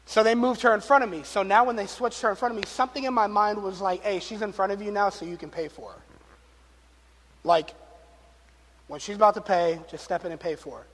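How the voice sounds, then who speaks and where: A man's voice: high-pitched, fairly quick. A man preaching a sermon, telling a story and acting out the people in it, with jokes along the way. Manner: animated, acts out quotes, jokes and laughs. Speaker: pastor. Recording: long reverb of a large hall.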